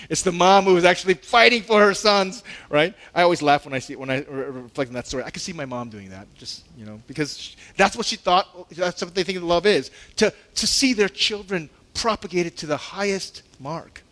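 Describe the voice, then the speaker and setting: A male pastor preaching a sermon in a conversational way, laughing and joking, and acting out the disciples' indignant lines in a raised voice. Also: a little high. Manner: conversational and animated, with laughs and asides.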